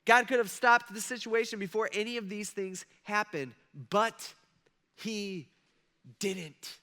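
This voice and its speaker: A man preaching with a high, bright voice. He talks loosely and casually and slips into acting out scripture characters in quoted dialogue, then drops back to plain narration. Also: fairly even intonation, takes it slowly. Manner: conversational, acts out the king and Daniel in quoted dialogue. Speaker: pastor. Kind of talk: casual sermon.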